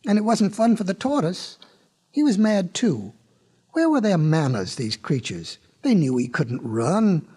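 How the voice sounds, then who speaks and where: A man's voice: high-pitched, very animated, a little slow, dark tone, husky. A man narrating a storybook record in a folksy way, with chatty asides to the listener.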